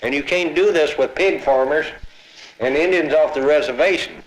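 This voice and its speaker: Matter-of-fact man interviewee, somewhat high voice; roomy echo. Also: normal speed, slight background noise. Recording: echoey room on old film.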